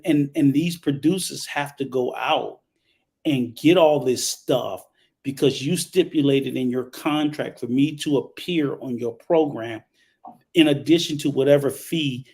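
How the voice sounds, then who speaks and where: A man's voice: medium pitch, darkish tone. A man hosting a casual online talk show, speaking in a conversational, emphatic way. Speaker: host.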